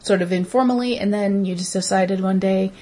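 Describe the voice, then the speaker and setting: A woman co-hosting a casual movie podcast with her husband, talking quickly with her words running together, wry and often laughing. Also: mid-range voice, warm tone. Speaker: podcast co-host. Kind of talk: casual chat.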